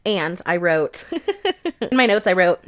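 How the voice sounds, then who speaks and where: A woman's voice: lowish voice, very animated, takes it slowly, a bit bright. A young adult woman giving a rambling, sarcastic book review in a casual rant, swearing freely.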